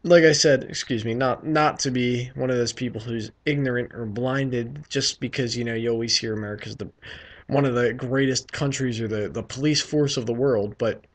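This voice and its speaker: A man's voice: medium pitch, moderate pace. A man from the United States rambling through a casual opinion rant, profane and full of fillers and restarts. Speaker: vlogger.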